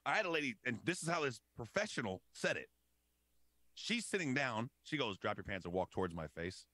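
A man's voice: mid-range voice, big pitch swings, a little fast, bright, forceful tone, dry recording. A young man telling a profane story in a casual podcast chat.

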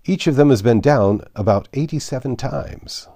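A man's voice: medium pitch, animated, dark tone, no room sound, clean studio sound, pitched above the performer's own voice. A man reading aloud, voicing a flustered hatter who talks in a choking voice. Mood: choked. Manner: choked, hurried. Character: nervous choking male hatter.

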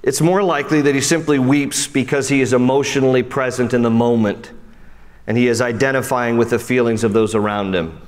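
In a church sanctuary, a male pastor preaches a fairly quick, animated, conversational sermon, with a long reverb tail. He swings between emphatic high lines and soft low ones, often dropping casual asides.

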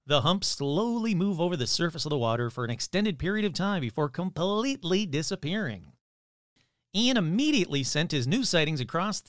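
A man's voice: on the high side, a bit bright, no room sound, studio quality. A man hosting a paranormal podcast, reading news stories in a casual style with joking, self-deprecating asides. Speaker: podcast host. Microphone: studio microphone, adjusted mid-show.

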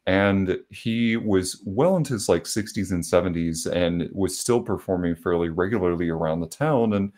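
A man from South Carolina hosting a podcast, chatting casually and telling stories at an unhurried pace with many filler pauses. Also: deep voice, a little mellow. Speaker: podcast host. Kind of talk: casual conversation.

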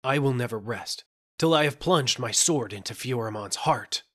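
A man's voice: fairly low pitch, lively intonation, normal speed, bright, forceful tone, husky, heavily acted. A man voicing a brave, loyal young male squire in a storybook reading, speaking in urgent, impassioned bursts. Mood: vowing.

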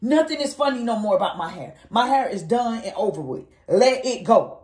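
A woman vents to her handheld phone camera in an animated, exasperated way. Her voice sits a little high and swings all over. The room gives it a noticeable echo. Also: moderate pace. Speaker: vlogger. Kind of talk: casual venting to camera.

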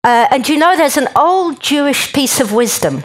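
Animated woman speaker addressing an audience. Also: sits high, normal speed, low-quality recording. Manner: chatty and joking, talks straight to the crowd. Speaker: conference speaker. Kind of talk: lively talk to a live audience.

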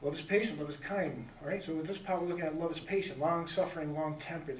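A man's voice: a little high, echoey room, recorded from a distance, low-quality recording. A man preaching a sermon as pastor, emphatic and full of rhetorical questions to the congregation. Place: church sanctuary.

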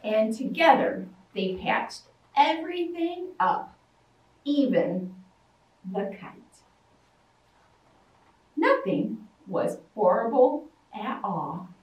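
A woman reading a picture book aloud to children as a librarian at storytime, lively and dropping to soft whispers. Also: on the high side, drawn-out words, long pauses, lo-fi sound. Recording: roomy, mic at a distance.

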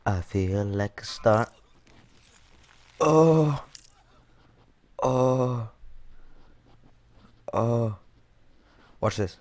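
A young man giving jokey let's-play commentary over a game, excitable, with sudden yelps and shouts. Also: on the low side, very slow, pauses often. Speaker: gaming YouTuber.

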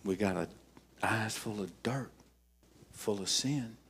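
An older man preaching a sermon as pastor, emphatic, telling stories with dramatic pauses. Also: fairly low pitch, vocal fry, a bit bright, slightly rough.

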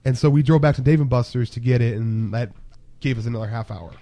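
A man with a warm, dark voice tells his side of a story in relaxed podcast chat. The sound is close and dry, with no room around it. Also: mid-range voice, fast, no echo. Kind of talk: casual storytelling.

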